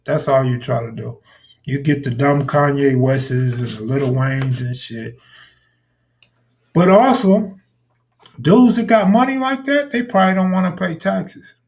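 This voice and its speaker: A man's voice: medium pitch, a little slow, vocal fry, a little mellow. Blunt, profane man riffing on a live stream. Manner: blunt, profane, talks back to chat viewers. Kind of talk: casual live stream commentary.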